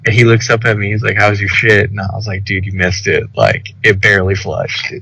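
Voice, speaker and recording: A young man telling a rambling, animated story over casual podcast chat, full of filler words. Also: on the low side, fairly quick, creaky, slight background noise. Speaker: podcast co-host. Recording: dull lo-fi audio.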